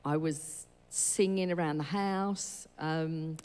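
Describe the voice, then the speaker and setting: A woman's voice: low voice, fairly even intonation, slow, a little mellow, clean tone. A woman telling her church testimony in a chatty, storytelling way, acting out the dialogue. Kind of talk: casual spoken testimony. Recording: long hall reverb.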